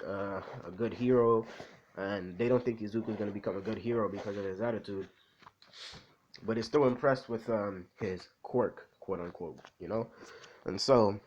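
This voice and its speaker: A man casually retells a fan-made story, rambling and full of fillers like "like" and "you know". His voice is lowish, and the recording sounds muffled.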